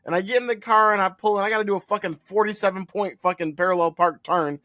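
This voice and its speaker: A man's voice: high voice, fast, no echo. A man co-hosting a podcast, swearing freely while telling stories in casual chat. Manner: profane, animated storytelling. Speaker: podcast co-host.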